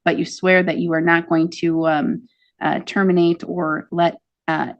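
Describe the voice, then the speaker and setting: Woman judge, gravelly low voice, formal and firm, muffled lo-fi audio. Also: flat delivery, a little slow. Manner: firm, formal, administers oaths. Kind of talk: courtroom hearing.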